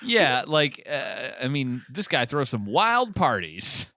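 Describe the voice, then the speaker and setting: A man's voice: mid-range voice, sing-song, slow pace, pushed and bright, no echo, studio quality. A man co-hosting a podcast, casually recapping a film's plot with amused laughs. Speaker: podcast co-host. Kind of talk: casual film recap chat.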